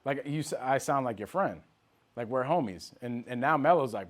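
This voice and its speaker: Male sales coach, mid-pitched voice, direct and punchy delivery for a live training session. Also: animated, normal speed. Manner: direct, emphatic, talks straight to trainees by name.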